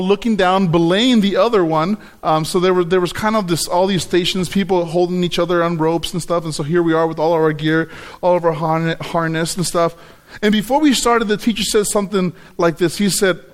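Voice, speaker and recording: A middle-aged man preaching a sermon, telling a personal story and acting out his own reactions. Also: on the high side. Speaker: pastor.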